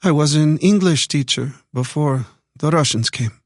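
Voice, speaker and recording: A man voicing a young Eastern European woman who is guarded but curious, asking careful questions in a raised, soft voice. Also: on the high side, measured pace, no room sound, clean studio sound, voice pushed up.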